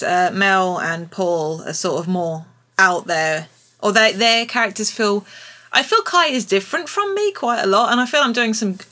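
Friendly co-host with a bright voice, casual and supportive. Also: medium pitch. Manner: supportive, many short agreements. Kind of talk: casual podcast chat.

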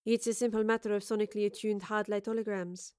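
A woman voicing a scheming, resentful woman who talks in a scornful, clipped and hushed way. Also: mid-range voice, fairly even intonation, fast, dry recording, clean studio sound, close to an everyday voice.

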